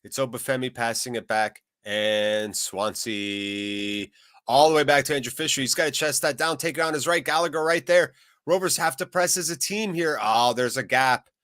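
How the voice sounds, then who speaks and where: A man's voice: medium pitch, a bit bright, dry recording, clean studio sound. A man hosting a live football watchalong, calling the match and chatting casually while reading out viewer comments. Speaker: host.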